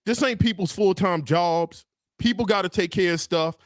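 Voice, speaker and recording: Brief: male stream host, high-pitched and dry, casual and straight-talking. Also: normal speed, no echo. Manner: direct, laid-back, repeats "brother" and "man". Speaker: show host. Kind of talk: casual livestream chat.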